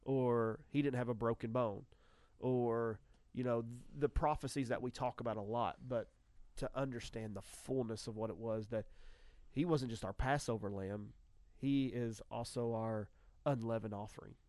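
Male radio host, middle pitch, dry studio sound, animated and excitable with restarts. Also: normal speed, dry recording. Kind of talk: casual chat.

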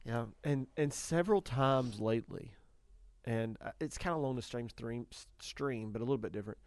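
A man co-hosting a Christian radio talk show, reflective, telling faith stories with halting restarts. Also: medium pitch, a little mellow, no room sound.

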